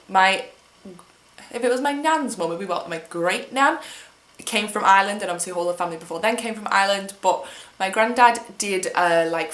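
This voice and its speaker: At home in England, a vlogger in her twenties answers tag questions in a chatty, wry, self-mocking style. Her mid-range voice has a fairly bright tone and some reverb.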